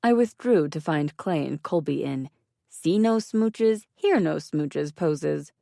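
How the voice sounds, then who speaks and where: Low gravelly woman reading an audiobook, slow, dry wry tone. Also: expressive, dark tone, no room sound. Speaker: audiobook narrator. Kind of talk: first-person audiobook narration.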